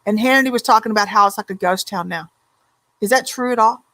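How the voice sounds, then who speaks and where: A woman hosting a talk show, chatty and animated, agreeing often and telling stories. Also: mid-range voice, fast talker, no echo. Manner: chatty, animated storyteller, many yeahs. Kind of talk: casual interview talk.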